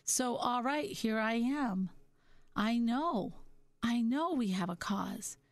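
A middle-aged woman hosting a reflective self-help talk, musing gently and slowing down on her key points. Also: a little high, lively intonation, no echo. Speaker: podcast host.

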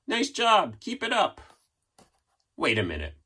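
Husky, animated man reading to kids. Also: high-pitched, a little slow. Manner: playful, animated, with sound effects and audience prompts. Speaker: children's storyteller and cartoonist. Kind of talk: read-aloud storytime for kids.

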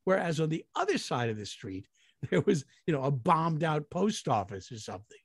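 A man's voice: on the high side, wildly swooping pitch, normal speed, slightly rough, no echo, clean studio sound. An older man, a guest actor, telling long rambling anecdotes in an interview with chuckles along the way. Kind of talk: storytelling in an interview.

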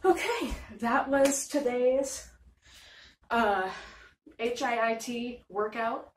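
A woman's voice: on the high side, slow, long pauses, background noise. A woman hosting a workout video, counting reps aloud and chatting with a giggle while she exercises, out of breath. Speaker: fitness video host. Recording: echoey room, mic at a distance.

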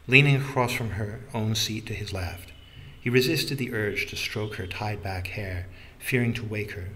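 A man with a fairly low voice narrates a novel in an even, literary reading. There is a faint hiss in the background of the recording. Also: moderate pace. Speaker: audiobook narrator. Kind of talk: scripted narration.

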